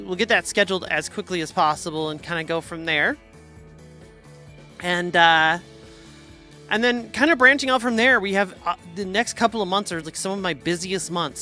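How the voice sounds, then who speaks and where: Bright-voiced rambling woman streamer. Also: lowish voice. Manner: rambling, jokey, quick to laugh at herself. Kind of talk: casual chat.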